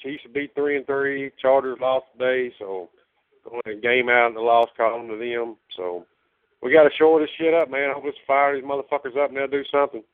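A man's voice: medium pitch, brisk. A man calling in to a fan show, ranting angrily and swearing heavily. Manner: furious, profane, venting. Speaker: caller. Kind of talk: angry voicemail rant. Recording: tinny phone line.

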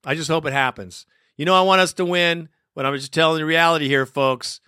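A man hosting a fan podcast, his bright, forceful voice sitting a bit high. He rambles emotionally and laughs often. The sound is close and dry. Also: steady tone, fairly quick, smooth, no room sound. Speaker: podcast host. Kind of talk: casual fan podcast commentary.

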